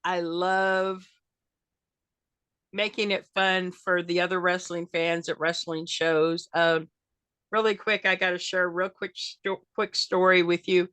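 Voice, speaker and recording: A woman's voice: lowish voice, level tone, unhurried, fairly bright tone, clean tone, no room sound. An older woman from Arkansas, chatting folksy and laughing as she tells wrestling stories in an interview. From Arkansas, USA. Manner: chatty, folksy, laughs often, acts out quotes. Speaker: wrestling fan character, guest. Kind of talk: casual storytelling interview.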